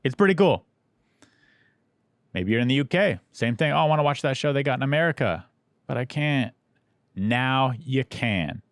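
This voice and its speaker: A man hosting a comedy podcast, teasing his guest in quick banter and doing ad reads. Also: medium pitch, expressive, dry recording, clean studio sound. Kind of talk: casual chat and ad read.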